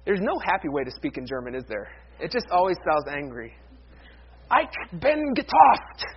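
A man preaching a sermon as pastor, emphatic, moving from loud declarations down to hushed near-whispers. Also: a little high, lively intonation, fast, husky, lo-fi sound.

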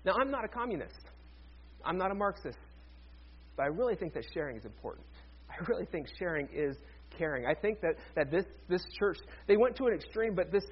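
Pastor guy giving a sermon, kinda high husky voice, chatty and jokey, muffled lo-fi recording. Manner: conversational, joking asides to the congregation.

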